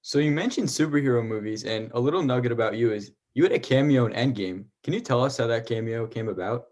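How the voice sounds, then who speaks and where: A man's voice: mid-range voice, fast talker, a little mellow. A man hosting a podcast, asking brief friendly questions. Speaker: podcast host. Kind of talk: casual interview questions.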